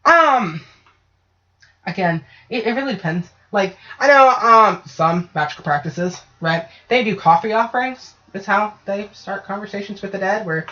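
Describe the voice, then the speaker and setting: Female podcast host, casual and foul-mouthed, animated storyteller; muffled lo-fi sound. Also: medium pitch, normal speed. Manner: profane, ranting, animated storytelling. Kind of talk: casual chat. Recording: dull lo-fi podcast audio.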